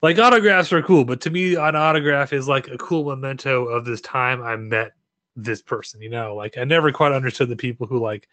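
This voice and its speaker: A man's voice: mid-range voice, a little fast, bright, forceful tone, dry recording. A man co-hosting a podcast, chatting enthusiastically and casually about a convention. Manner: enthusiastic, chatty, many restarts. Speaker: podcast co-host. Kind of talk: casual chat.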